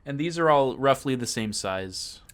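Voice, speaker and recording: A man's voice: mid-range voice, animated, normal speed, clear, resonant tone. Hesitant man playing a tabletop game. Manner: hesitant, repeats words while thinking aloud. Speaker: player.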